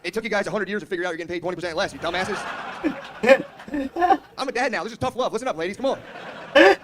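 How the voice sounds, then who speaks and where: A man's voice: sits high, racing, background noise. A man doing a stand-up comedy set, brash and crude, talking casually and slipping into mocking voices.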